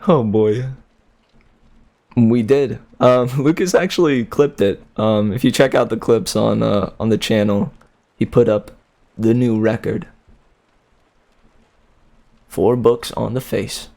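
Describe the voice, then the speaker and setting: A man with a gravelly, creaky voice chats easygoingly with his stream audience. He laughs often and repeats words as he goes. His speech is slow and unhurried. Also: lowish voice, darkish tone. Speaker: streamer reading a novel aloud. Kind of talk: casual chat with live chat.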